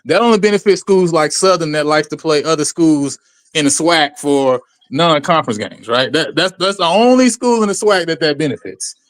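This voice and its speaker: A man's voice: fairly high pitch, normal speed. A man arguing hard in a sports debate, backing his points with statistics. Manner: argumentative, cites stats.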